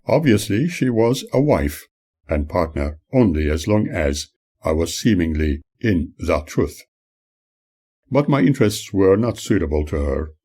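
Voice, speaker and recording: A man reading his own memoir aloud in an earnest, measured way. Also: low voice, a little mellow, breathy edge. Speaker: author narrating his memoir.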